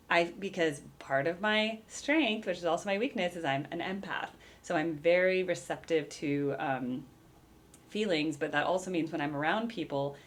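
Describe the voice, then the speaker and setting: A woman hosting a reaction channel, talking casually with rambling asides, with a small-town Northern California accent. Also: deep voice. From Redding, California. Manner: chatty and rambling, many likes and asides. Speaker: reaction video host, vocal coach. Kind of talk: casual chat.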